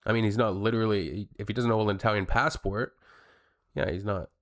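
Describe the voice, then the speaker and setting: A man's voice: fairly low pitch, steady tone, fairly quick. A man from Canada giving casual, blunt reaction commentary and talking straight to his viewers. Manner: blunt, chatty, addresses viewers. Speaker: reaction video host.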